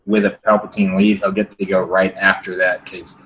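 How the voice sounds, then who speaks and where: A man's voice: deep voice, level tone, normal speed, muffled recording. A man on a gaming panel, explaining strategy and often restarting his phrases. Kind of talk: gameplay advice on a panel.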